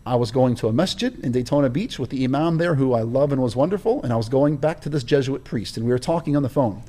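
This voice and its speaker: A man's voice: mid-range voice, fast talker, dark tone. A man telling his own story as a guest in an interview, emphatic and stressing key words in a preaching cadence. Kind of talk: personal storytelling in a conversation.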